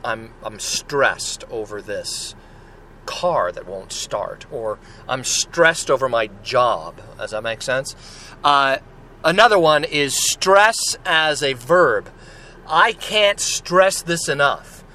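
A man's voice: medium pitch, expressive, takes it slowly, bright, forceful tone, slight background noise. A man hosting a solo podcast, talking in a rambling, chatty way and often checking in with "right?". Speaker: podcast host. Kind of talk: casual solo podcast talk.

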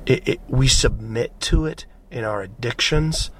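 A man's voice: mid-range voice, unhurried, fairly bright tone, slight background noise. A man preaching a conversational sermon, often checking in with his listeners.

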